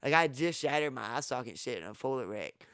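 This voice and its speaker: A man from Texas, telling stories in casual podcast talk, profane and animated, acting out what people said with sudden loud jumps. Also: medium pitch, fast, clear, resonant tone, no room sound, studio quality. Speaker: podcast host. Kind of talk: casual storytelling.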